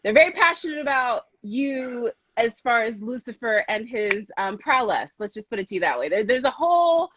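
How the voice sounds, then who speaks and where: A woman's voice: fairly high pitch, big pitch swings, moderate pace, few pauses, fairly bright tone, slight background noise. A woman hosting an interview, enthusiastic and gushing like a fan, with casual slang. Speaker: interviewer host. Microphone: video call. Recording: dry lo-fi livestream audio.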